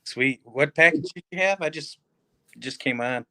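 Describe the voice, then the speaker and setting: A man's voice: a little high, normal speed, pushed and bright. A man from northern Michigan chatting casually as a guest on a video call, giving short, easygoing answers. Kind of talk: casual chat.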